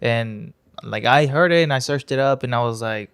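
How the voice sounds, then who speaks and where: Young male podcast co-host, smooth resonant voice, rambling casual storyteller. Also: medium pitch, normal speed. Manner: rambling storyteller, animated retelling. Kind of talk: casual chat.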